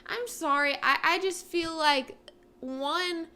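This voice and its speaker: A woman's voice: extremely high pitch, slow, pushed and bright. A young woman co-hosting a casual talk show, speaking earnestly and with many fillers. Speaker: co-host. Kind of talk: casual chat.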